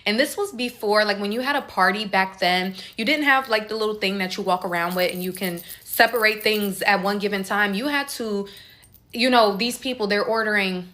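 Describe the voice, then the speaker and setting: A woman telling a casual storytime, animated and acting out the voices of the people she quotes. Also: mid-range voice. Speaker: storytime creator.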